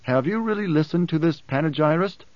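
A man voicing a calm, cryptic male advisor who lectures in a measured, composed way, in an audiobook. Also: fairly high pitch, dry recording, voice pushed up, natural voice. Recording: dull dry close recording.

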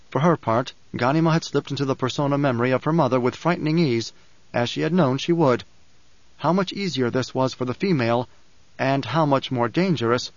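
This is scripted audiobook narration by a man with a mid-range voice, measured and even as he tells the story. The studio recording is dry and slightly dull, without any echo.

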